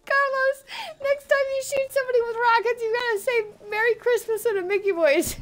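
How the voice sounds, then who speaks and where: A young woman gaming with friends over voice chat, giggly and excitable, swearing often. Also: very high-pitched, brisk, loud music behind the voice. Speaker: gamer in voice chat. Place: at home on online voice chat.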